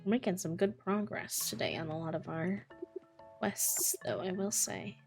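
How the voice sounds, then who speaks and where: A woman's voice: fairly low pitch, moderate pace, music in the background. A young woman casually chatting to her live-stream audience while playing a farming game. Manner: relaxed, chatty, talks to chat between tasks.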